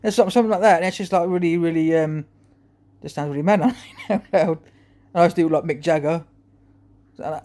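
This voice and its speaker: A man's voice: a little high, quick pace, pauses often, darkish tone. A man talking to camera in a rambling, chuckling monologue full of restarts. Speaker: vlogger.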